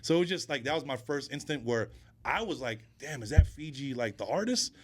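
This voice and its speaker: A man guesting on a podcast, chatting casually and telling animated stories, acting out other people's lines. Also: medium pitch, brisk. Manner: animated storyteller who acts out quoted voices. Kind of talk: casual interview chat.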